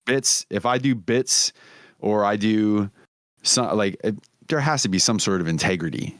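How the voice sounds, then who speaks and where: A man's voice: on the low side, moderate pace, no echo, studio quality. A man hosting a casual comedy podcast, telling rambling, profane stories and laughing often as he goes. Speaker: podcast host.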